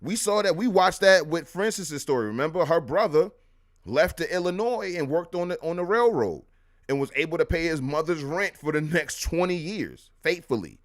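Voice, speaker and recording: A man hosting a live history show, talking in a casual, animated way with slangy asides. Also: a little high, normal speed. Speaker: host.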